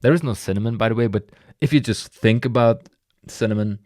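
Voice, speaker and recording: A man's voice: medium pitch, brisk, darkish tone, no room sound, studio quality. A man hosting a casual solo podcast, talking enthusiastically in a rambling way, with frequent restarts, sighs and laughs. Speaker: podcast host.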